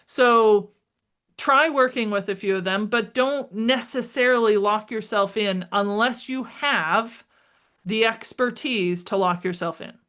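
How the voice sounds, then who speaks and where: A middle-aged woman, a marketing strategist, talking as a podcast guest, energetic and emphatic, acting out bits of dialogue. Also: medium pitch, unhurried. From United States. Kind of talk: conversational interview.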